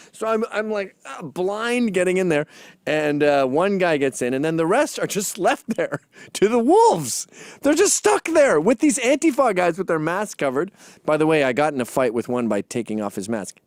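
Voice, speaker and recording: Animated sarcastic man telling a story. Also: high voice, moderate pace, no room sound, studio quality. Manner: sarcastic, acts out quotes in mock voices. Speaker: commentator. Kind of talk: comedic storytelling monologue.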